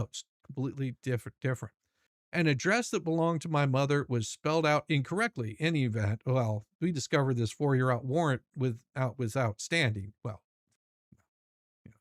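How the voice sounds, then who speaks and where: A man's voice: medium pitch, no echo. Guy rambling thru crude commentary, lots of stammering restarts, dry close sound. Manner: stammering, restarts often, mocking asides. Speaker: commentary channel host.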